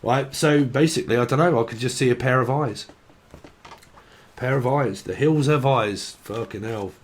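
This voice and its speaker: A man's voice: medium pitch, moderate pace. A man giving a rambling, comic tarot reading, swearing freely and acting out silly scenes. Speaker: tarot reader.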